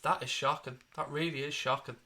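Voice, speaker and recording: Brash, swearing football fan host. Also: male voice, mid-range voice, fairly even intonation, fairly quick, sharp tone. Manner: heavy swearing, blunt fan reactions to the match. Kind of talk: live match watchalong commentary.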